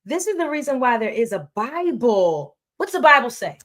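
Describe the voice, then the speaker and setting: Emphatic woman with a higher voice. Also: big pitch swings, moderate pace, fairly bright tone. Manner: emphatic, repeats phrases, preachy asides. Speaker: livestream commentator. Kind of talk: casual live commentary. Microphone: streaming setup.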